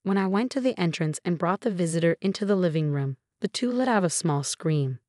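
A woman in her forties tells a first-person story in an even, measured delivery. Her voice sits on the low side, and the recording is close and dry with no room sound. Her tone stays steady throughout. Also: dry recording. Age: 40s. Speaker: narrator.

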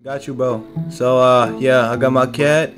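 A man's voice: medium pitch, steady tone, unhurried. A man giving casual, joking let's play commentary on a game, using slang and talking to his viewers. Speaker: gaming streamer. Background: guitar music.

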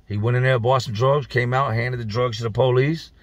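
A man casually telling a profane, slangy street story as a vlogger, animated as he retells it. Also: mid-range voice, fairly quick, no room sound.

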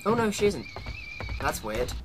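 A man's voice: fairly high pitch, big pitch swings, unhurried, music in the background. A man casually commentating as he plays a horror game, joking, scolding the characters and swearing. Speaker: gamer playing a horror game. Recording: noisy home recording.

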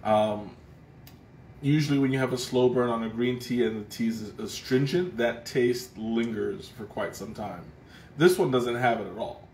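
A man's voice: mid-range voice, moderate pace, a little mellow. A man hosting a casual live tea tasting, thinking aloud with frequent restarts and fillers. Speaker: livestream tea taster. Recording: roomy echo, faint background noise.

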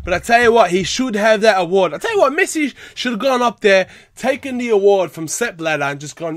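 A man's voice: high-pitched, sing-song, brisk, few pauses, no room sound, studio quality. A young man ranting heatedly in a vlog, exasperated, breaking into laughter now and then. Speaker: YouTube football vlogger.

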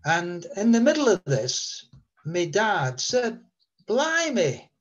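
A man's voice: high-pitched, big pitch swings, slow. A man, a guest telling a long story in a rambling way with many fillers. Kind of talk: relaxed storytelling.

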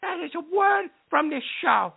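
A man hosting a late-night call-in show, brash and profane, quick to scold his callers. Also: very high voice, big pitch swings, gravelly. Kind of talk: casual call-in radio talk. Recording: tinny phone line.

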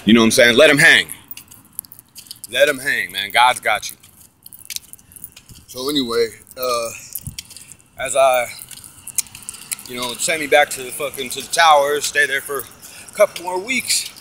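Profane, animated man telling a story. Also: mid-range voice, measured pace, pauses often, slight background noise. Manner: animated, profane, preachy, acts out quotes. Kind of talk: casual storytelling vlog.

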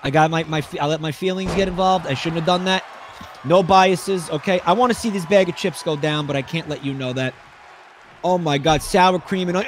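A man doing excited play-by-play commentary on a wrestling match, rambling and swearing, bursting into yells. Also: high-pitched, moderate pace, slight background noise.

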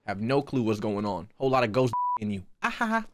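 A young man streams a horror game, his voice on the low side and darkish, talking a little fast over a slight hiss or hum. He tosses crude, profane jokes to his chat and mutters nervously to himself.

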